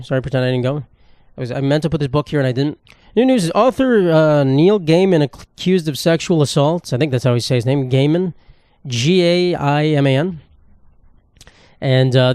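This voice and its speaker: A man's voice: a little high, darkish tone, no echo. A man in his twenties hosting a casual solo podcast, rambling and swearing, with sarcastic asides and a dry throat. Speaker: podcast host.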